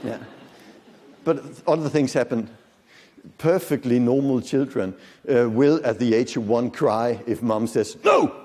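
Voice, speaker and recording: A man in his fifties, mellow and medium-pitched, speaks a little slowly as he gives a live lecture in a large conference hall. He chats with the audience conversationally, joking and asking them questions, while the room's long reverb lingers.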